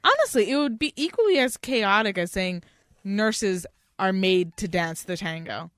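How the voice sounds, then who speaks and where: A woman co-hosting a relaxed podcast about a play script, her tone wry and amused as she slips into voices to read the lines aloud. The sound is close and dry, with no room around it. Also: mid-range voice, normal speed, no echo. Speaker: podcast co-host. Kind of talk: casual book-discussion podcast.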